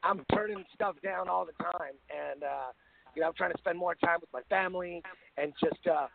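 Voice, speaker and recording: Gravelly man on a phone line. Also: on the high side, normal speed. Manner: relaxed, many fillers. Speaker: guest on the phone. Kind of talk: casual phone interview.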